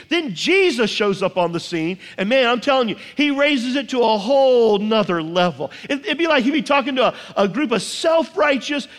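A man preaching a sermon to a congregation, emphatic and full of rhetorical questions, drawing out key lines slowly. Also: very high-pitched, sing-song. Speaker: pastor. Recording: long hall reverb.

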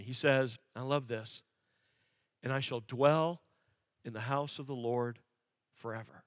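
A male pastor delivers an earnest sermon a little slowly, pausing often and keeping fairly even intonation overall while moving between quiet, low passages and loud, emphatic ones. He repeats phrases for emphasis and poses questions to the congregation; the studio-quality recording has no echo.

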